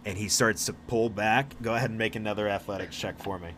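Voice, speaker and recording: A man's voice: lowish voice, fairly even intonation, fast, background noise. Casual man running a tabletop game. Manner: casual, swearing, many restarts. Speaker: game master.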